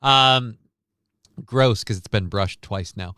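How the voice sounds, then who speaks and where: Slow and lowish, this man's voice comes across pushed and bright, clear and resonant. He's a weary livestream host, short of breath, who rambles, breaks off mid-thought, and reads the chat aloud during a casual stream. It's a dry, studio-quality recording.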